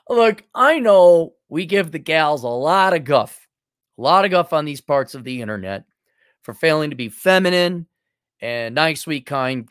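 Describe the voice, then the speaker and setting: A man's voice: a little high, fairly bright tone, dry recording, studio quality. A male host reading a viewer's letter aloud and answering it with blunt, mocking sarcasm.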